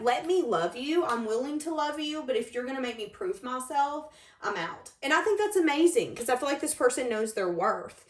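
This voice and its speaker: A woman giving a tarot reading to camera in an emphatic, animated way. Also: a little high. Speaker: tarot reader. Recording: roomy echoey room.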